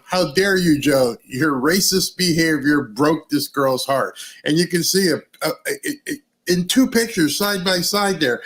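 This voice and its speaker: A man's voice: on the high side, a bit bright. A man hosting political commentary, reacting emphatically to a video and asking rhetorical questions. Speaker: news commentary host.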